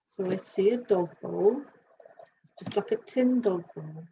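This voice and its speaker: A woman working as an animal communicator, giving a live reading and thinking aloud in halting, searching phrases. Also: medium pitch, expressive, dark tone, breathy edge. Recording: dull lo-fi sound with faint hiss.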